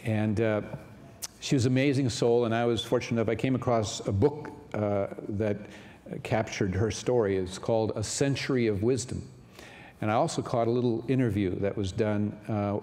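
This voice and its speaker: A man preaching a sermon as pastor, unhurried and earnest, with frequent fillers. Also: mid-range voice, warm tone. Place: large church sanctuary. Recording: long hall reverb.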